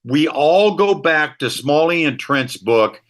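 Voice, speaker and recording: A man's voice: a little high, slow. A middle-aged man, a ministry leader and author, telling emotional stories as an interview guest. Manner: animated storyteller, emotional anecdotes. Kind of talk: storytelling interview talk.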